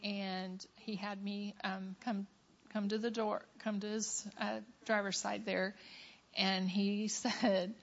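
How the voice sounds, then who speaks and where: A woman giving a church testimony in a soft, hesitant way. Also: mid-range voice, level tone, takes it slowly, muffled recording.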